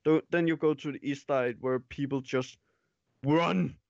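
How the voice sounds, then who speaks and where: Halting man on a dull remote mic. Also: fairly high pitch, steady tone, vocal fry, a little mellow, no echo. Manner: joking, halting, restarts sentences. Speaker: stream guest. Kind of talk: casual chat.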